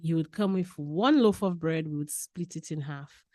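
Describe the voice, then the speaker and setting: Podcast guest: a woman with a lowish voice, recorded dry and close, who tells her stories with laughter and repetition. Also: moderate pace, no room sound. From Saint Lucia. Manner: lively, laughing storyteller who repeats key phrases. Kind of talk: casual personal storytelling.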